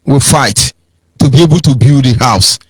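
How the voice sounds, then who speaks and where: A man's voice: medium pitch, moderate pace, breathy edge, no echo. A man with a Nigerian accent giving an impassioned, preachy political talk on radio, swinging into sing-song mockery. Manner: preachy, sing-song, mocking impressions of others. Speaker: radio broadcast speaker.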